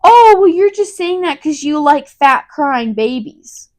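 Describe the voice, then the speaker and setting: A woman's voice: sits high, animated, measured pace, a little mellow, voice pushed up. A woman voicing a mean schoolgirl who mocks a classmate with a sneer. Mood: mocking. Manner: mocking, sneering.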